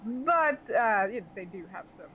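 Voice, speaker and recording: A man's voice: high voice, expressive, moderate pace, muffled recording, slight background noise. A man voicing a sly, mocking male ship captain who talks in a smug, theatrical way.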